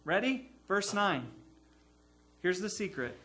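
A man's voice: high-pitched, measured pace, sharp tone. A man preaching a sermon in an earnest, emphatic way, building his points through repeated phrases. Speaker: pastor.

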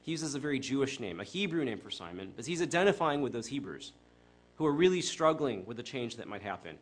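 Middle-aged male preacher, mid-pitched, talks through a sermon conversationally, lots of ums and restarts. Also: big pitch swings, fast. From Chicago area. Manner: conversational, with many fillers and self-corrections.

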